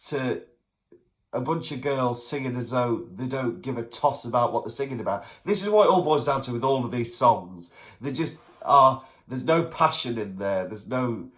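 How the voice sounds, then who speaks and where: Ranting young man. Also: medium pitch. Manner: exasperated, blunt ranting that rises into shouting. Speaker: vlogger. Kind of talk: ranting music review vlog.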